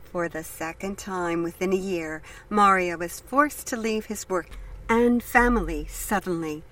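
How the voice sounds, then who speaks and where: Lower-pitched woman narrating an audiobook. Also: poor audio. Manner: measured, steady. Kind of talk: scripted narration.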